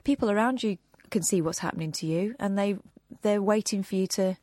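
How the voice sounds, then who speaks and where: A woman co-hosting a late-night radio phone-in, talking in a quick, earnest, reflective way. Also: medium pitch, darkish tone, no room sound, clean studio sound. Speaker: radio co-host. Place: radio studio.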